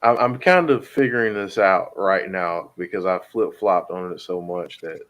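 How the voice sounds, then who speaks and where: A man co-hosting a wrestling podcast in casual chat, talking hesitantly with many pauses and restarts. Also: deep voice, fairly bright tone. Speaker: podcast co-host.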